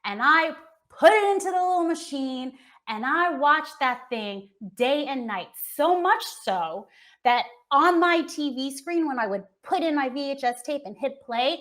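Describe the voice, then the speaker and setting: An American woman hosts a relaxed entertainment talk show and gushes about her favorites. Her voice sits high and swoops up and down with lots of life. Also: a little slow. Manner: enthusiastic, gushing. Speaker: host. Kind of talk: casual chat.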